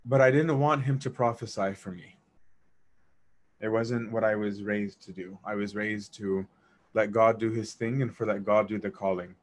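A man casually telling a personal story, animated, acting out dialogue and laughing as he goes. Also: fairly low pitch, moderate pace, slight background noise. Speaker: storyteller recounting memories of a monk.

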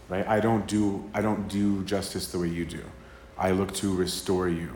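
Male priest, lowish voice, casual sermon delivery, acts out quotes, peppers in "right?", echoey live room. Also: flat delivery, normal speed, hardly any pauses, a little mellow, a little hiss or hum. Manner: conversational, acts out quoted dialogue, frequent "right?". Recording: roomy live talk with faint ambience.

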